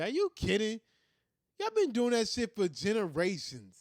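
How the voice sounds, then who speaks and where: Host, male, high-pitched, fiery profane rant, dry close sound. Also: big pitch swings, normal speed, no room sound. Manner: heated, ranting, profane. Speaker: commentary host. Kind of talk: opinion monologue.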